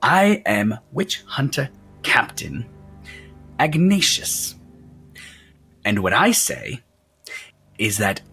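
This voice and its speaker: A man voicing an arrogant witch hunter captain who speaks slowly and coldly, weighing each word. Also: mid-range voice, big pitch swings, gravelly, pushed and bright, soft background music, full character voice. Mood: menacing. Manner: slow, measured, menacing.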